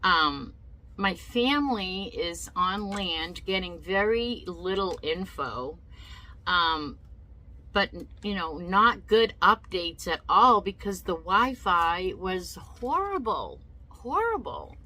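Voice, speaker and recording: Slow, bright-voiced woman telling a story. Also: fairly low pitch, sing-song, rough recording. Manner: emotional, indignant retelling with repeated words. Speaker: vlogger. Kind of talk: casual storytime vlog.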